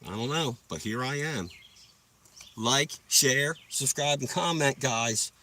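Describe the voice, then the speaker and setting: A man's voice: mid-range voice, slow pace, bright, forceful tone, a little hiss or hum. A young man chatting casually on a livestream, rambling through profane, hyped stories and asking viewers to like and subscribe. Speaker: livestream host. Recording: voice a bit far from the mic.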